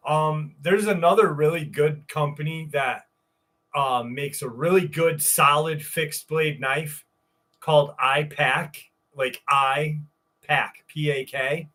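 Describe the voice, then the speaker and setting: Slow-talking man chatting loosely on a livestream. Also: on the high side, pushed and bright. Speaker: livestream host. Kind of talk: casual livestream chat.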